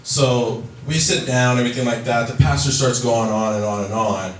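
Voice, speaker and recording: A man's voice: mid-range voice, normal speed, slight background noise. A man doing a stand-up comedy set, telling stories loosely and profanely and working the crowd. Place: comedy club stage. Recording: echoey club recording from a distance.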